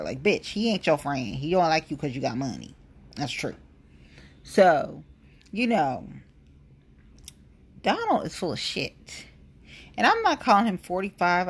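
A woman's voice: fairly low pitch, slightly rough. A young woman from the United States ranting in a blunt, profane, casual way, with many asides. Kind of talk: casual political rant.

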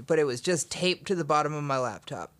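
A young man hosting a podcast, telling an animated travel anecdote in casual chat with laughter and swearing. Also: on the high side, a little fast. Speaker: podcast host.

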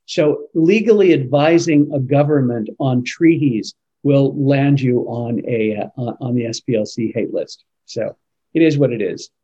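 A man's voice: medium pitch, a little slow, dark tone, highs cut off. A man giving long, earnest answers in an interview, emphatic and often restarting his sentences. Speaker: interview guest, Catholic advocacy leader.

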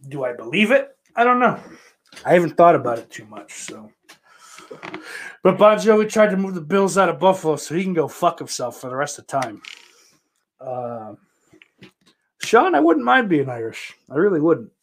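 A man's voice: a little high, very animated, moderate pace, long pauses, slight background noise. A man from Western New York, a streamer chatting casually and answering viewer questions in a rambling, profane, self-interrupting way.

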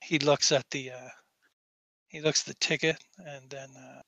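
Brief: male game master, rambling narration, bright tone, dry sound. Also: medium pitch, steady tone, moderate pace, gravelly, dry recording. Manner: rambling, with many fillers and restarts.

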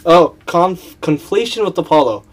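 A man's voice: on the high side, expressive, moderate pace. A young man in casual chat as a podcast co-host, teasing his friend, laughing often and stumbling over words as he reads aloud.

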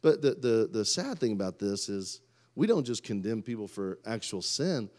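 A man, preaching a sermon and swinging from loud outbursts to quiet asides. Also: on the low side, sing-song, moderate pace. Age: 30s. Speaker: pastor.

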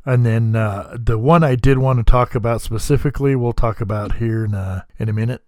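A man's voice: mid-range voice, fairly even intonation, brisk, a little mellow, no room sound. A man hosting a casual podcast, laid-back and joking, swearing freely as he talks. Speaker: podcast host. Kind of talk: casual chat.

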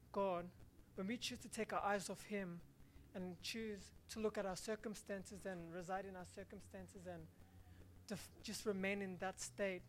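A woman's voice: medium pitch, a little hiss or hum. A woman preaching a sermon, reading a scripture passage and then explaining it earnestly, with some restarts.

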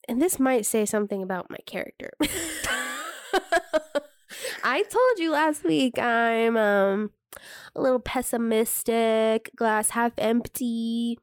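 Young woman, podcast co-host, high-pitched, dry close sound, chatty, swears casually. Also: lively intonation, slow, long pauses, dry recording. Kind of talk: casual chat.

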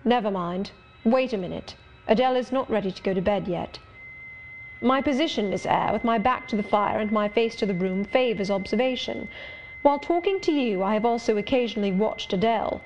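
A brooding, sardonic gentleman of middle age, voiced by a woman reading an audiobook. He speaks in a measured, wry and confiding manner. The pitch sits in an ordinary middle range. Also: soft background music, lightly acted.

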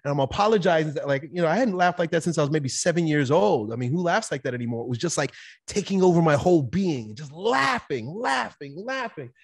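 A man talking as a podcast guest, telling a personal story in a candid, animated way, swearing now and then. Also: fairly high pitch, quick pace, husky. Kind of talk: casual conversational storytelling.

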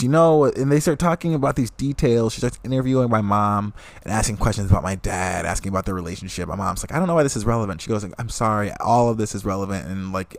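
A man's voice: lowish voice, no room sound. A man in his twenties from the American Midwest, hosting a podcast and telling a story in a casual, rambling, emotional way that keeps cutting itself off. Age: 20s. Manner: rambling, emotional, self-interrupting. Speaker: podcast host.

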